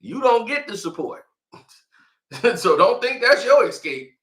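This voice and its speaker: A man's voice: sits high, big pitch swings, measured pace, bright, forceful tone, roomy sound. A man giving casual, slangy commentary and telling stories, laughing often between lines. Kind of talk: animated commentary and storytelling.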